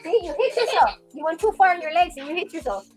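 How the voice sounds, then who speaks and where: A woman's voice: very high-pitched, expressive, quick pace, over loud music. A woman, a mother, talking casually in a vlog, chatty and exasperated as she scolds her toddler. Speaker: mother and vlogger.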